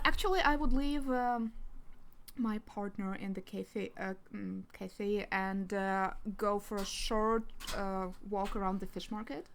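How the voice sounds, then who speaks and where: Woman, tabletop player, hesitant, lots of fillers, mid-range pitch. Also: slight background noise. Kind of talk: playing a character in a tabletop game.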